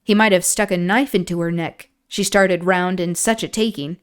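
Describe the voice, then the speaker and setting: A woman streamer reading a classic novel aloud, breaking off for relaxed, chatty asides. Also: fairly low pitch, normal speed, smooth. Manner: relaxed, chatty asides and laughter between passages.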